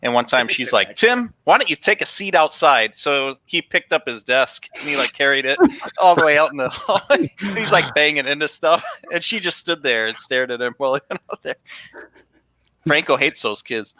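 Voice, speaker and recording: A man in a casual chat, recalling things in a relaxed, wry way. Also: medium pitch, moderate pace, dry recording.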